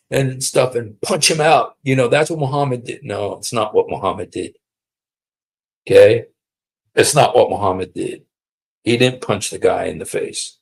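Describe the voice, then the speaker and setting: A man with a gravelly, fry-laden voice at an ordinary middle pitch, hosting a casual livestream. He talks in a sarcastic, mocking way, stacking repetitions for emphasis. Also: normal speed. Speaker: livestream host.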